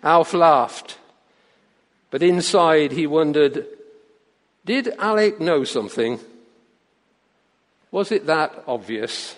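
A man preaching and reading a story aloud as part of a sermon, lively and expressive. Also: on the high side, takes it slowly, long pauses. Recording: long reverb of a large church hall.

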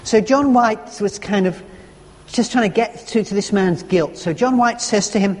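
Male preacher, high-pitched, earnest and chatty, long church reverb. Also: moderate pace, darkish tone. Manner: conversational, earnest, reads quotes aloud. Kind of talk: sermon.

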